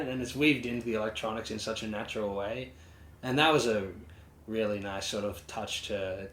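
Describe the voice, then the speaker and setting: Rambling man, low voice in a roomy space. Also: steady tone, moderate pace, a bit bright. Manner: rambling, many fillers and restarts. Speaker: podcast co-host. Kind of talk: casual music review chat. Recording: roomy sound with faint ambient noise.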